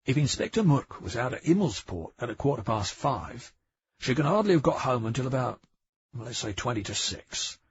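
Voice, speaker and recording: A man voicing a patient, methodical male police detective who spells things out deliberately and emphatically. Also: medium pitch, sing-song, husky. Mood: explaining. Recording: dry, dull audiobook recording.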